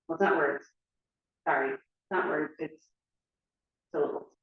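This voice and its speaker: A woman's voice: fairly low pitch, a little slow, pauses often, recorded from a distance. A woman teaching dance, talking casually with lots of fillers and everyday examples. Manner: chatty, filler-heavy, explains with examples. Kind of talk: casual instructional talk. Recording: echoey room, dull lo-fi sound.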